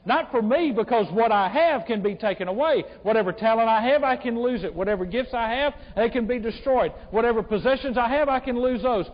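A male pastor preaching an impassioned sermon, swinging between hushed and loud delivery. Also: very high-pitched, fairly quick, hardly any pauses. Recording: echoey hall, dull sound.

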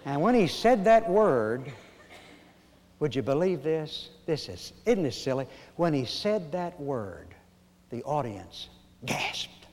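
An older man preaching a sermon, moving between folksy storytelling and emphatic, slow points with dramatic pauses. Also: a little high, sing-song, in a large hall, background noise. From Arkansas, USA. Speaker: pastor.

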